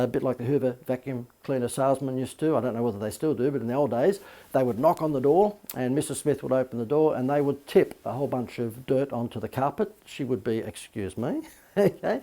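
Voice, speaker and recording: A middle-aged marketing coach gives a casual video talk on marketing in a medium-pitched, dark-toned voice. He is chatty, uses lots of fillers, and now and then adds an "okay?" tag.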